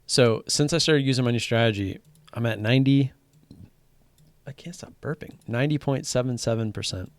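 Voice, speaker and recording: A man hosting a live stream about day trading, chatting casually and getting excited, swearing freely and restarting his sentences. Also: medium pitch, brisk. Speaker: livestream host talking day trading. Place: home streaming setup wearing headphones.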